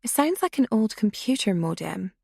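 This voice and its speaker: A woman's voice: medium pitch, big pitch swings, moderate pace, creaky, a little mellow, no room sound. Lady reading as a nervy fretful woman, worried tone, dry close sound. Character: fretful, easily stressed woman.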